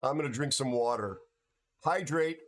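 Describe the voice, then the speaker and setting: A tired older American man hosting a casual livestream chat, rambling and halting with many restarts and fillers. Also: mid-range voice, a bit bright. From United States. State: tired from no sleep. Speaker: livestream host.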